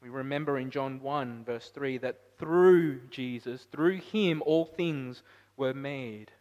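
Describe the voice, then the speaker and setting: A man preaching a sermon as pastor, climbing to loud emphatic peaks and then dropping to quiet, reflective lines. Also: medium pitch, takes it slowly. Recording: long hall reverb.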